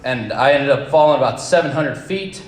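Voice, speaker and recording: A man telling a personal story live to an audience, with wry, deadpan humor and casual swearing. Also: medium pitch, normal speed, reverberant. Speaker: storyteller at a campfire event.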